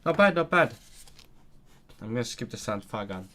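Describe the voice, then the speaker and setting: A man's voice: mid-range voice, big pitch swings, moderate pace, a bit bright, a little hiss or hum. A man on a casual live stream, thinking aloud as he works through language exercises, hesitating often and repeating words.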